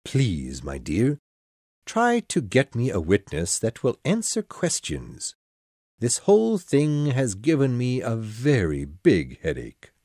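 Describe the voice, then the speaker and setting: A woman reading an audiobook voices a pompous, fussy old king presiding over a trial in a deep, gruff, commanding tone. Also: huge pitch swings, slow, a little mellow, no echo, studio quality, exaggerated voice. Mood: weary.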